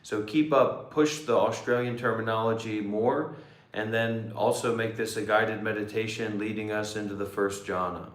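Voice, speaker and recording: A man who is a meditation teacher hosting a livestream, talking in a playful, unhurried way. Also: on the low side, steady tone. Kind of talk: casual chat. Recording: echoey room.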